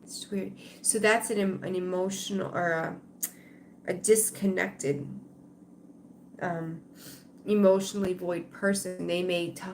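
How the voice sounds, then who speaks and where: A woman's voice: lowish voice, fairly even intonation, measured pace, pauses often, a little hiss or hum. A woman giving a live-streamed tarot reading, rambling conversationally and talking straight to her viewers. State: tired, yawning. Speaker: tarot reader.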